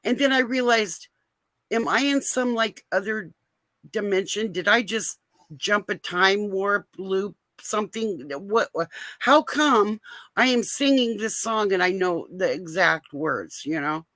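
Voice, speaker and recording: An American woman tells a story on a video call in a bright, sharp voice. The audio is dry and close, with no room sound. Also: mid-range voice, animated, unhurried, no room sound. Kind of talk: casual chat on a video call.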